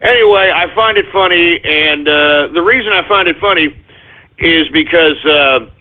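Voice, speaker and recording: Brief: irritated male host, higher voice, swearing rambler, tinny phone-line sound. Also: moderate pace. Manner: agitated, swearing, rambling with many fillers. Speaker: radio show host. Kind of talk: live call-in radio rant.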